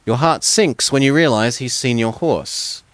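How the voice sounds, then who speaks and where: A man's voice: medium pitch, a little slow, fairly bright tone, no room sound. A man reading a gamebook aloud in second person, stumbling over words now and then and dropping casual asides. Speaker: gamebook reader.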